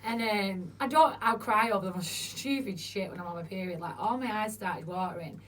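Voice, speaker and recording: A woman's voice: mid-range voice, brisk, a bit bright. A woman guest telling frank stories, swearing freely and acting out what people said. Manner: chatty, swears freely, acts out quotes. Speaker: interview guest. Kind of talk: frank casual chat. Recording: distant mic with faint noise.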